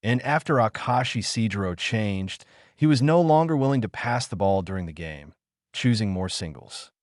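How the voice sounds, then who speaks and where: Lively low-voiced male audiobook narrator. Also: moderate pace, no room sound, clean studio sound. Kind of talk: flat read-aloud novel narration.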